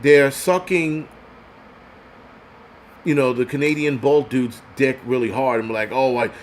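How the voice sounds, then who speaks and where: A man's voice: mid-range voice, a little slow, a little hiss or hum. Angry, foul-mouthed man ranting. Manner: angry, profane, heated ranting; repeats and restarts words when worked up. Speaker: host of a prepping channel. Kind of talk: livestream rant.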